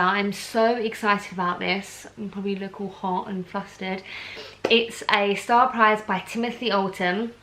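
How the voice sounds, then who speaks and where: A woman's voice: medium pitch, a bit bright, rough recording. A pregnant young woman from the UK, hosting a charity giveaway on her vlog, gushing with enthusiasm and filling her talk with "um" and "like". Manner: gushing, enthusiastic, lots of fillers like "um" and "like". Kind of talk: casual chatty vlog.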